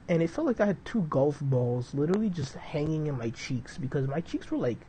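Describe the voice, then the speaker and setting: A man's voice: mid-range voice, lively intonation, fairly quick, hardly any pauses, warm tone, breathy edge, low-quality recording. Rambling young man streaming a flight sim. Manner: rambling and loose, with lots of "dude" and "like"; chats to viewers between flight checks. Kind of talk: casual live-stream chat.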